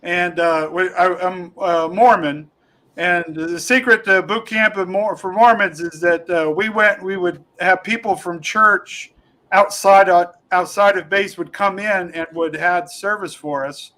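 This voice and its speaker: A man with a high, bright voice, chatting as a comedian guest on a podcast. He rambles through his stories with plenty of fillers and restarts, laughing along as he goes. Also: fairly even intonation, measured pace, rough recording. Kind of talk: casual podcast chat, telling funny stories.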